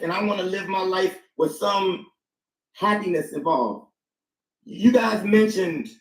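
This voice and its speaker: A man's voice: high voice, reverberant, poor audio. A man speaking as a guest in a casual panel discussion, hammering his points home and repeating key words for emphasis.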